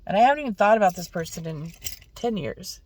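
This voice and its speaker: A woman's voice: mid-range voice, expressive, fast talker, a little mellow. A middle-aged woman telling a personal story in a casual vlog, emotional and close to tears, acting out what others said. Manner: emotional, tearful retelling; acts out others' lines in quotes. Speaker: vlogger.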